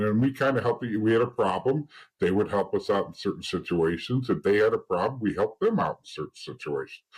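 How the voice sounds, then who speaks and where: A man's voice: lowish voice, a little mellow, husky, low-quality recording. A man in his thirties, an interview guest telling rambling stories, laughing at grim details and restarting his sentences often. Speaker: interview guest, former mob associate turned informant. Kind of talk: casual storytelling in an interview.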